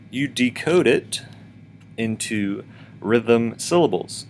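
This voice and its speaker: A man's voice: lowish voice, lively intonation, moderate pace. Man teaching a music lesson by chanting. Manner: patient, instructive, chants rhythm syllables. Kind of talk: virtual music lesson for children.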